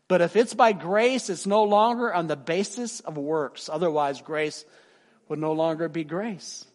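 High-voiced animated male preacher. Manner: animated, acts out quoted people with big pitch swings; drops to a soft, quiet voice for emphasis. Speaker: pastor. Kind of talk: sermon with storytelling.

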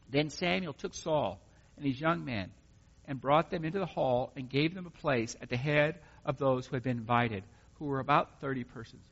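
A man reading scripture aloud and explaining it in a relaxed, conversational way, thinking aloud as he goes. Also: medium pitch, moderate pace. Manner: conversational, thinks aloud, plain-spoken asides. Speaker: Bible study teacher. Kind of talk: informal scripture reading and commentary. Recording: muffled recording with long hall reverb.

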